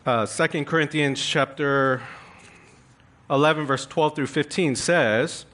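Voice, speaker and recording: A man's voice: on the high side, a little slow, a bit bright. A man preaching a sermon, reading scripture aloud with emphatic, rising stress. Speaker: pastor.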